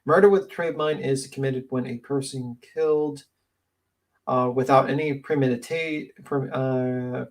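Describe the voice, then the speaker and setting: A man with a stuffed-up, sniffly nose hosting a casual panel discussion, reading definitions aloud with halting restarts. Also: mid-range voice, low-quality recording. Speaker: panel host.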